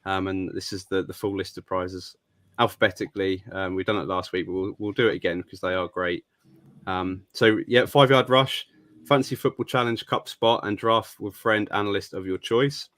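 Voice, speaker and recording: A man's voice: deep voice, fairly even intonation, moderate pace, fairly bright tone, no room sound, clean studio sound. A man co-hosting a podcast, reading out a list of prizes with many ums. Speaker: podcast co-host. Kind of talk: reading announcements casually.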